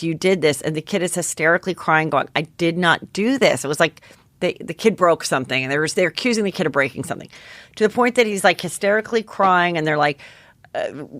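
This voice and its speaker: Lively low-pitched woman podcast host. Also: dry recording. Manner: animated, restarts often, jumps between stories. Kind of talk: casual gossip chat.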